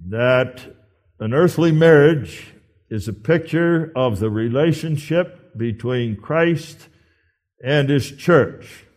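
Guy preaching, earnest and emphatic, takes his time, pauses a lot. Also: mid-range voice, a little mellow. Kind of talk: sermon.

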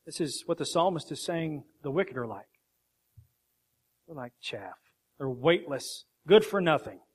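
A man's voice: fairly high pitch, lively intonation, normal speed, slightly rough. A man preaching a sermon with emphatic rhetorical questions.

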